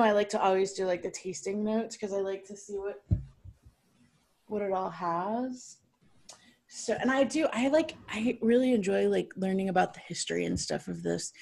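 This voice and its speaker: A woman's voice: mid-range voice, gravelly, darkish tone. A woman hosting a casual chat who reads tasting notes aloud, swears freely and stumbles over hard words. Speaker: podcast host.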